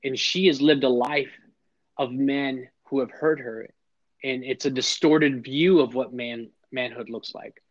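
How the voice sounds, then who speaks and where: A man's voice: mid-range voice, fairly even intonation, a little slow. A middle-aged man, a podcast guest, telling personal stories in an earnest, emphatic way and often restarting his sentences. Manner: earnest, emphatic, repeats words when starting sentences. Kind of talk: heartfelt conversational storytelling. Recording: slightly dull lo-fi sound.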